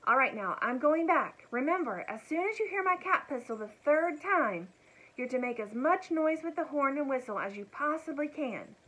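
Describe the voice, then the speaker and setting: A woman voicing a brave, eager young boy in a storybook read-aloud, talking in an urgent, excited way. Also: high voice, moderate pace, voice pushed up, low-quality recording.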